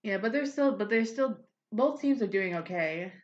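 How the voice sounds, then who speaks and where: A woman's voice: mid-range voice, animated, normal speed, a little mellow. A woman co-hosting a casual podcast, chatting with lots of fillers. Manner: chatty, frequent fillers like "like" and "yeah". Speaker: podcast co-host. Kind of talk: casual chat. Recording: roomy, dull lo-fi sound.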